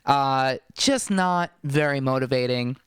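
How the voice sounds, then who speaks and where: A man's voice: mid-range voice, unhurried, a bit bright, smooth, no room sound, studio quality. A young adult man hosting a podcast, telling a casual story in a wry, rambling way, full of "you know". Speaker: podcast host.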